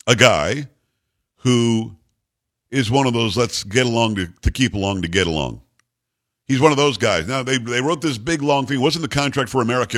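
A man's voice: mid-range voice, fairly bright tone. Man ranting on talk radio. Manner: emphatic, ranting, rhetorical questions. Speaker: radio talk show host. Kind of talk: political talk radio monologue.

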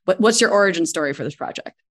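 A woman hosting a live after show, reacting quickly and asking her guests questions. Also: on the low side, animated, fairly bright tone. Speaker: host.

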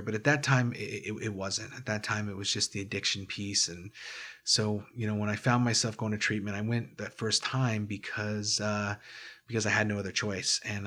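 Low-voiced man telling his story haltingly. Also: sharp tone. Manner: halting, with frequent restarts and repeated words. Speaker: interviewee. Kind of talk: candid personal storytelling.

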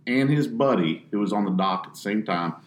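A professional bass angler telling a story in casual talk, animating it by acting out the others. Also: male voice, lively intonation, fairly quick, reverberant.

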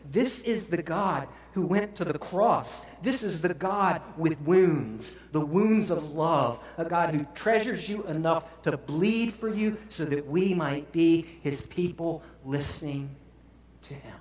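A man preaching a sermon as pastor, telling a story dramatically and swinging from hushed to loud. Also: on the high side, takes it slowly, heavy reverb.

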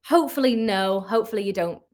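A young woman from England with a Northern English accent, chatting as a podcast guest, giggly and animated, often searching for names. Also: mid-range voice, fast. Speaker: guest, musical theatre actor. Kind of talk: casual podcast chat.

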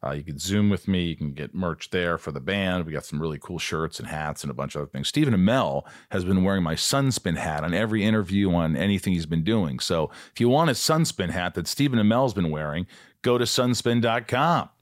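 A man in his fifties hosting a podcast, chatting casually and excitably with his guest. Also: deep voice, a little fast, dry recording, studio quality. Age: 50s. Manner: chatty and excitable, jumps in with questions. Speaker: podcast host. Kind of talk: casual interview chat.

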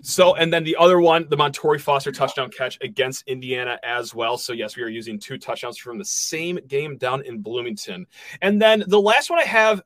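A man hosting a casual sports podcast, joking and laughing as he talks through the year's highlights. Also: no room sound. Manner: joking, quick laughs, animated. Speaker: podcast host.

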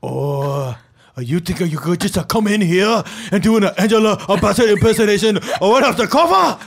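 A booming, mock-outraged diva voice with the pitch pushed well up from the performer's own, as a man puts it on for laughs. The delivery is loud and exaggerated, like a comedy bit on a talk podcast. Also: animated, brisk, creaky, full character voice. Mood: indignant shouting. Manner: shouted, exaggerated, mock-dramatic. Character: loud, intense impression of a famous actress.

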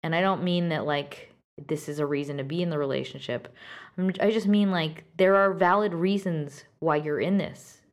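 Low-voiced woman giving blunt advice. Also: normal speed. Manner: earnest, directive, frequent fillers and restarts. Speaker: advice podcast host. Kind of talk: direct advice monologue.

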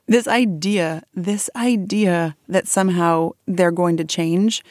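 A woman co-hosting a podcast, chatting casually in an animated, giggly way with lots of filler words. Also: lowish voice, takes it slowly, dry recording, studio quality.

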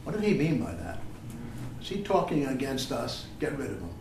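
A man's voice: mid-range voice, noisy background. Older man reading poems in echoey room. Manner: halting, filler-laden talk between expressive recitations. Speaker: poet. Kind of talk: poetry reading with chatty asides. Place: reading venue with an audience. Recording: roomy echo, distant mic.

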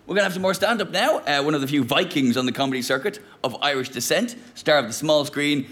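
A man's voice: fairly high pitch, fast talker, fairly bright tone. A man hosting a comedy show, introducing the next act in an upbeat presenter style. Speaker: show host.

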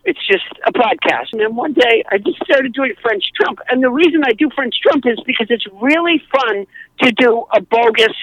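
A woman's voice: fairly high pitch, animated, moderate pace, lo-fi sound, slight background noise. A woman comedian chatting as a podcast guest, telling rambling anecdotes with many restarts. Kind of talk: casual podcast chat.

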